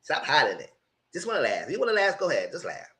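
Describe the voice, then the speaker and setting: Man, reality show recap, bright voice, animated and mocking. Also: on the high side, fast talker. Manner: animated, slangy, mocking asides to contestants. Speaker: reality TV reviewer. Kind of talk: casual live recap commentary.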